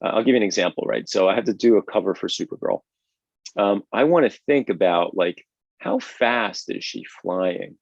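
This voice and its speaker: Lively male drawing teacher, low voice. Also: moderate pace, creaky, no room sound. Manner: energetic, conversational, checks in with "right?". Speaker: drawing instructor and host. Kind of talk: live online drawing lesson. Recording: dull, lo-fi, dry stream audio.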